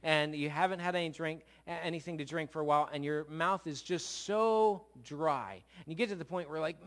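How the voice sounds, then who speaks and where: A man's voice: high-pitched, fairly quick, few pauses, fairly bright tone. A middle-aged man pastor giving a sermon in a church, talking conversationally and joking with his congregation. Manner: conversational, jokey, checks in with congregation. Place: church sanctuary.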